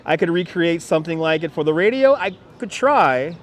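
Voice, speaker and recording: A man's voice: on the high side, animated, moderate pace. A man hosting a casual outdoor livestream from a city park, chatting in a rambling way and reading viewer comments aloud. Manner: chatty and rambling, with frequent laughs and restarts. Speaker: livestream host. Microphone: wireless clip-on mic. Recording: faint outdoor background noise. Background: faint city park ambience with birds.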